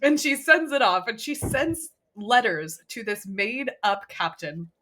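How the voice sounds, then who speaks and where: A woman co-hosting a romance book podcast, retelling a plot in a lively, laughing way and acting out the characters' lines. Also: on the high side, measured pace. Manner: animated storytelling, laughs often, acts out quoted lines. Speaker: podcast co-host. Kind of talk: casual chat.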